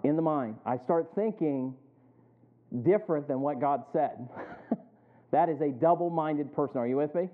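Male pastor, call-and-response sermon, fairly high voice, phone-thin audio. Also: animated, measured pace, long pauses, narrow, tinny audio. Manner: asks the congregation to finish his sentences.

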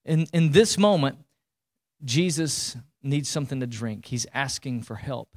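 A man, preaching to his congregation in a conversational, animated way, repeating words and asking the room questions. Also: mid-range voice, unhurried. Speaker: pastor. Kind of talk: sermon.

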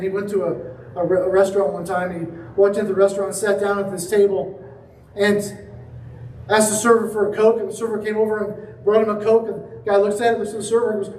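High-voiced preacher, echoey and distant. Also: male voice, darkish tone, slight background noise. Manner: storytelling with acted quotes. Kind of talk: sermon.

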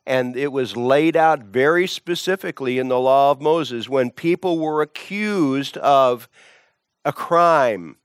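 A man's voice: mid-range voice, slow pace, clean tone, no echo, clean studio sound. A man teaching from the Bible, emphatic, often repeating words and restarting phrases.

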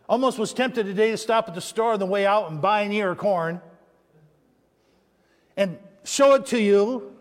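A man's voice: high voice, moderate pace, pauses often, long reverb tail. A man preaching a sermon as pastor, building emphasis and asking the church call-and-response questions.

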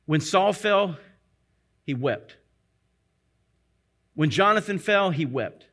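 A man's voice: high-pitched, expressive, slow, fairly bright tone. A male pastor preaching a sermon, earnest and emphatic, repeating phrases to press his point.

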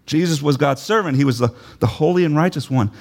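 A man's voice: fairly high pitch, fast talker, vocal fry, a little mellow. A man preaching a sermon, emphatic, repeating key phrases and putting questions to his listeners.

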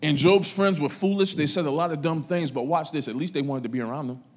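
Male pastor preaching to his congregation, somewhat high voice, loud emphasis then quiet asides. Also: fast. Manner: preaching with strong rises and drops in loudness. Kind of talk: sermon.

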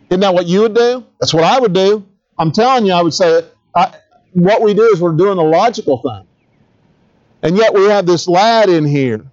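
A man's voice: sits high, moderate pace, darkish tone, dull audio. A middle-aged man, a pastor, preaching a conversational sermon, asking the congregation questions and adding humorous asides.

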